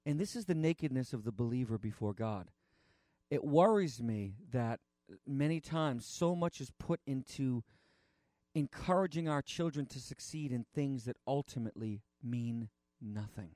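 A man preaching a sermon in an earnest, halting way, with frequent fillers and restarts. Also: medium pitch, expressive, warm tone, no room sound, clean studio sound.

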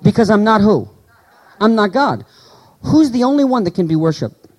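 A man preaching a sermon, teaching with lively rhetorical questions to his congregation and reading scripture slowly and deliberately. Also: high-pitched, rough recording. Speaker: pastor.

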